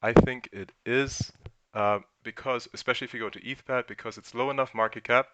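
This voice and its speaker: A man's voice: mid-range voice, steady tone, a little fast, fairly bright tone, no room sound. A man chatting casually on a live stream, thinking aloud with restarts as he points at a chart.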